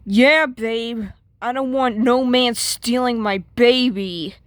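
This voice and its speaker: A woman's voice: a little high, slow pace, no echo, studio quality. A woman voicing a clingy, oversensitive male washing machine boyfriend in a comic strip, whiny and possessive.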